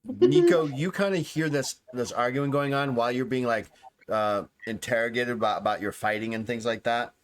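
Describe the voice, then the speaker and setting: A man's voice: mid-range voice, expressive. A man narrating as game master of a tabletop role-playing game, rambling with many fillers. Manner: rambling, full of fillers, voices characters in quick asides.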